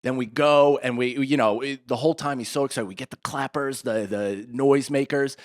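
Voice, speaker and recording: A man in his thirties co-hosting a podcast in casual chat, telling a rambling, animated story full of restarts and asides. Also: medium pitch, brisk. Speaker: podcast co-host.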